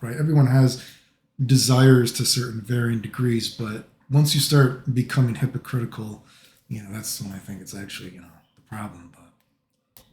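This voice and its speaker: A man's voice: medium pitch, a little mellow. Middle-aged guy from the US rambling on, lots of "you know", echoey room. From United States. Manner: rambling, heavy use of filler phrases. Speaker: vlogger. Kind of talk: casual rambling monologue.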